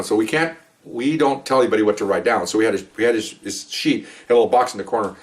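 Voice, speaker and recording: A man's voice: on the low side, quick pace, few pauses, far from the mic. An older man, a retired police veteran, telling stories casually with many fillers and acted-out quotes. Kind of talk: casual storytelling.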